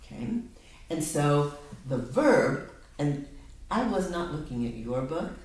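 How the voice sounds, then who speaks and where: A woman with a very deep voice gives a patient one-on-one reading lesson, coaxing and slowing down to model words. She sits back from the microphone in an echoey room, and a faint hiss runs underneath. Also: big pitch swings, darkish tone. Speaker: tutor. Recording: echoey room, mic at a distance.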